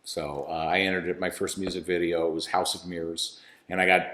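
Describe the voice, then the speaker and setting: A man's voice: low-pitched, little pitch movement, fairly quick, a bit bright. A man, a filmmaker and musician, chatting as an interview guest in a rambling, restarting way. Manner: rambling, with many restarts and laughs. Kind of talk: casual interview talk. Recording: roomy echo.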